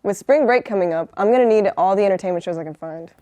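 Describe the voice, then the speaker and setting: A teenage girl anchoring a school news show in a brisk, cheerful way. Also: mid-range voice, dark tone, lo-fi sound. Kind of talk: scripted school news reading.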